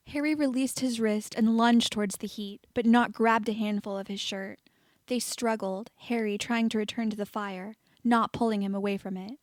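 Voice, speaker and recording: A woman reading fan fiction aloud as an audiobook narrator, steady and even. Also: mid-range voice, moderate pace, no room sound, clean studio sound. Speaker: audiobook reader.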